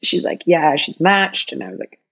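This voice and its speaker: A woman telling a personal story in an interview, animated, acting out quoted dialogue with big jumps in her voice. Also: deep voice, moderate pace, gravelly, husky, lo-fi sound.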